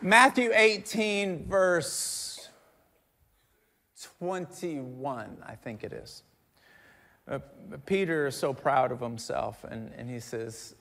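A middle-aged male pastor preaching a conversational sermon, joking with the crowd and swinging between quiet asides and loud emphatic bursts. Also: medium pitch, lively intonation, slow pace, gravelly. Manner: conversational, jokes with the congregation.

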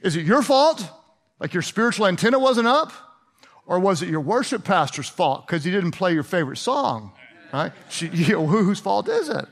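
A pastor with a high voice for a man delivers a sermon like a chat with his congregation. He fires questions at the crowd and slips into playful sarcasm. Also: very animated, normal speed, vocal fry.

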